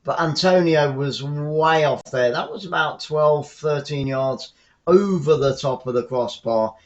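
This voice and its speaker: Bloke doing fan commentary from his living room, rambly and chatty, bit of a higher voice, muffled lo-fi mic. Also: measured pace. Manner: chatty, rambling asides between excitable play-by-play. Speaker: fan commentator hosting a live stream. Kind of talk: casual live football commentary. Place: at home, watching the match remotely.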